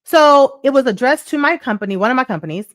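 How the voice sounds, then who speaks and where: A woman's voice: sits high, lively intonation, fast talker, a bit bright. A woman hosting a money show, telling a story in a chatty, repetitive way and reading out viewer comments. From United States. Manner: chatty storyteller, repeats points, asks "right?" often; reads viewer comments aloud. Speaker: show host. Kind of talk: casual livestream money talk.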